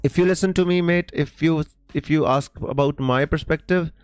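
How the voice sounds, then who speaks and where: A man hosting a relaxed live stream, reading out viewer comments and answering them in a halting, friendly chat full of fillers and restarts. His voice is smooth and clear, recorded close and dry. Faint music plays underneath. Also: a little high, dry recording. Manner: hesitant, many fillers and restarts, calls viewers mate; reads viewer comments aloud.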